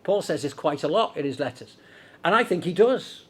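Scouse preacher with a higher voice. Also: male voice, lively intonation, moderate pace, fairly bright tone, husky. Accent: Liverpool (Scouse). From Liverpool, England. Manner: conversational, rhetorical questions, frequent restarts. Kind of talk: sermon.

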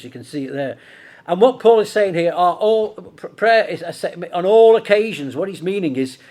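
A man's voice: a little high, darkish tone, breathy edge. A middle-aged man from Liverpool with a Scouse accent, preaching a sermon in a conversational way with rhetorical questions. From Liverpool, England.

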